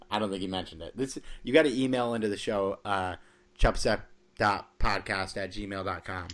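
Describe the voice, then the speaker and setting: A man's voice: fairly low pitch, fairly even intonation, moderate pace, a bit bright. A man co-hosting a podcast, chatting in a laid-back, matter-of-fact way. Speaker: podcast co-host. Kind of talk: casual chat.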